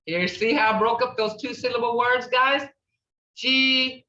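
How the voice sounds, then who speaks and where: An older woman teaching a language class, repeating words slowly and checking in with "okay?". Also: fairly high pitch, fairly bright tone. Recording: echoey, distant, dull room recording.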